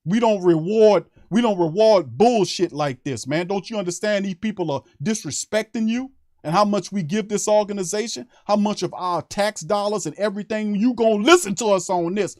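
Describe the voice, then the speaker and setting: A man's voice: sits high, a little mellow, dry recording, clean studio sound. A man who hosts a sports podcast, delivering a heated, profane fan rant on a live stream and hammering his points over and over.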